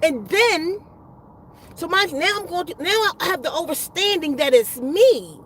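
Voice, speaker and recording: High-voiced woman, casual storyteller, loose and profane, circles back mid-sentence. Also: animated, unhurried, slight background noise, rough recording. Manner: rambling and profane, with restarts and slang. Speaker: spiritual vlogger.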